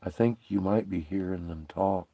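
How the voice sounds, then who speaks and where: A man's voice: low-pitched, normal speed, vocal fry, mellow, dry recording. A man hosting a livestream, rambling and profane in casual chat, often breaking into laughter. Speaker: livestream host.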